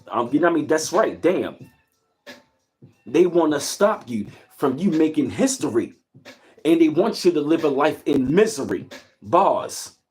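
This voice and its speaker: A man's voice: on the high side, a little mellow. A man hosting a livestream. He gives a casual, preachy motivational talk, greets his chat and repeats his points. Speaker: livestream host.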